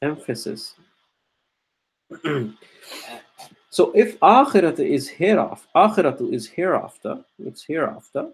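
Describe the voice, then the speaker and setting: A man teaching Quranic Arabic grammar, explaining step by step with frequent restarts and throat-clearing, and chanting verses between explanations. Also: fairly high pitch, big pitch swings, takes it slowly, pauses often. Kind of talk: grammar lesson.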